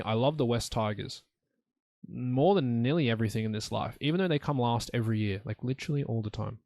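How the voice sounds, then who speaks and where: A man's voice: medium pitch, dry recording, studio quality. A young man hosting a solo podcast, talking in a blunt, profane, rambling way. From Australia. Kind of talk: rambling casual monologue.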